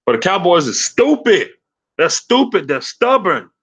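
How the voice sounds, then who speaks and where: A man's voice: big pitch swings, a little slow, husky. Angry profane man ranting. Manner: angry, profane, swinging from loud high rants to low mutters. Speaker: sports channel host. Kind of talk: profane livestream sports rant.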